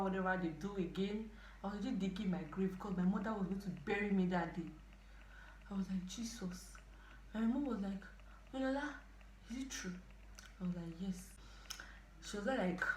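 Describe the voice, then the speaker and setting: Nigerian woman in her twenties, lively storytime vlogger, roomy echo, faint hum behind. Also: medium pitch. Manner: animated, dramatic outbursts and asides. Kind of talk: casual storytelling to camera. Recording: echoey room.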